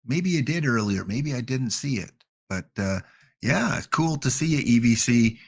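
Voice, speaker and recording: A man's voice: mid-range voice, lively intonation, normal speed, gravelly, slightly rough. A man with a Canadian accent hosting a gaming livestream, chatting casually with jokey, rambling asides.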